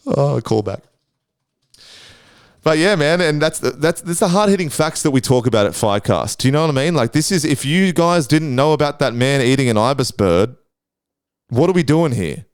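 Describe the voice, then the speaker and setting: A man's voice: on the high side, animated, brisk, clear, resonant tone, no room sound, clean studio sound. An Australian man hosting a casual solo podcast, rambling and crude, swearing constantly and restarting his sentences. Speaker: podcast host.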